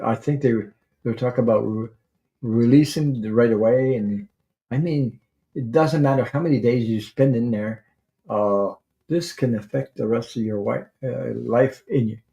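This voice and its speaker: A man hosting a tarot livestream, chatting casually and rambling, with halting restarts while he greets viewers. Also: medium pitch, creaky, warm tone, muffled recording. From Canada.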